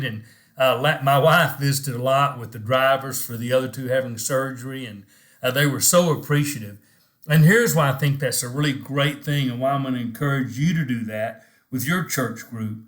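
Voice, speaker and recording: A man's voice: mid-range voice, a bit bright. Earnest middle-aged man encouraging churches. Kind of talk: casual talk to camera.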